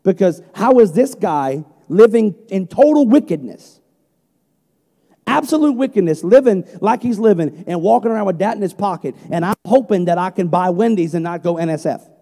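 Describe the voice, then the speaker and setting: A middle-aged male pastor preaching a sermon with passion, moving between loud emphatic peaks and quiet storytelling. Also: high voice, animated, normal speed. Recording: long hall reverb.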